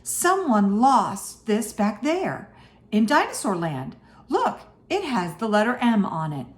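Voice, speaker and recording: A woman's voice: fairly high pitch, very animated, slow. A woman voicing a thoughtful, puzzled young boy in a storybook reading. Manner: questioning.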